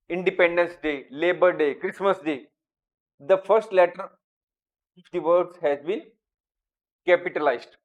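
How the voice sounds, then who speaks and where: A man with an Indian English accent, teaching a grammar lesson with slow, repetitive explanations. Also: sits high, muffled recording.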